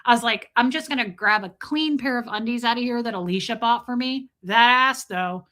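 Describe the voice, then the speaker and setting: A woman streaming live and telling a story to chat, her voice a touch higher than most and very bright and forceful. She talks in a casual, animated way, swearing freely and breaking off for quick asides. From United States. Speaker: livestreamer.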